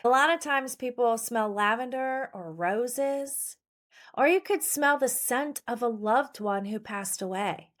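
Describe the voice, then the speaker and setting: A woman's voice: on the high side, measured pace. A woman hosting a solo podcast, talking earnestly and telling personal stories to coach her listeners. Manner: earnest, personal storytelling with occasional laughs. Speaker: podcast host and pet-business coach.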